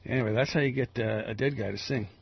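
A man's voice: mid-range voice, fast talker, slight background noise. A man hosting a radio talk show, rambling casually with lots of fillers and restarts. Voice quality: gravelly, husky. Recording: dry, lo-fi radio audio.

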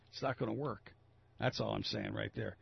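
A man's voice: on the low side, gravelly, breathy edge, dull audio. A man hosting a talk radio show, reading news items and riffing on them in a rambling, opinionated way. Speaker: local radio host. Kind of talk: casual talk radio commentary.

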